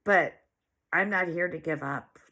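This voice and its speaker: A woman's voice: fairly low pitch, measured pace, pushed and bright. A woman in her forties speaking earnestly in a heartfelt personal monologue, emotional and repeating phrases for emphasis, teary-eyed at times. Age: 40s. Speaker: small business owner sharing her story.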